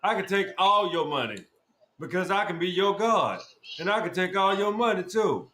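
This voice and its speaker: A man's voice: high voice, expressive, moderate pace. Profane, scolding man in an echoey room. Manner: loud, scolding, repetitive and profane. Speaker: podcast host. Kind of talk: heated profane podcast rant. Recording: echoey room with faint noise.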